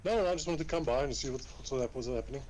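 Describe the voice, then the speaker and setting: A man's voice: mid-range voice, rapid-fire, darkish tone, a little hiss or hum, poor audio. Laughing, rambling man playing a character. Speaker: player. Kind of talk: in-character tabletop play.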